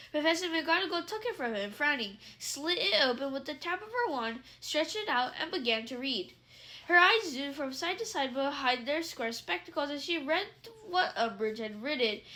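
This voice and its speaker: High-voiced woman reading a novel aloud. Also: animated, pushed and bright. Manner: halting, with self-corrections. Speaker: reader.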